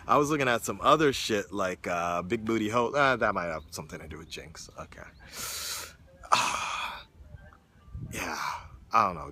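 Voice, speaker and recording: A man's voice: fairly low pitch, fairly bright tone, slight background noise. A young man in a hotel room talking in a rambling, profane, meandering casual monologue to his viewers. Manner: profane, meandering, frequent restarts. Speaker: streamer vlogger.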